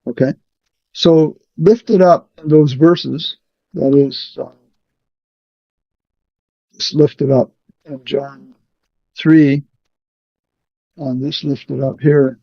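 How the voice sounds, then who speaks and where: A man leading a scripture study, explaining verses deliberately and checking in with "okay" often. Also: on the high side, fairly even intonation, gravelly, no room sound. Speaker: Bible study leader. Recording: muffled, dry sound.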